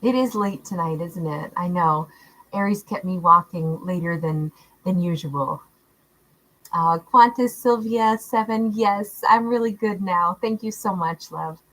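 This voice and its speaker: A woman's voice: lowish voice, unhurried, rough recording. Woman host chatting to her stream chat, sweet and affectionate, laughs a lot. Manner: warm, affectionate, calls viewers love and honey; laughs often. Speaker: tarot livestream host. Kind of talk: casual livestream chat reading out viewer comments.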